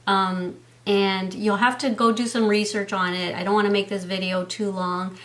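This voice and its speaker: A woman talks casually to her viewers from home. She is warm-hearted and chatty, leaning on "um" as she goes, with a voice at an ordinary middle pitch. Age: 50s. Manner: chatty and heartfelt, frequent "um" fillers. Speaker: beauty and health vlogger. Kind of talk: casual chat to camera.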